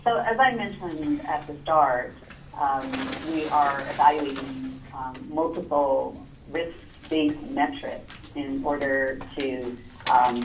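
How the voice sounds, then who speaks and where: A woman consultant explains figures to a retirement board in a measured way, with frequent "um" and "uh". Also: rumbling low. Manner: measured, explanatory, many "um" and "uh" fillers. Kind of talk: explanatory presentation at a public board meeting. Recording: echoey meeting room, distant mic, faint noise.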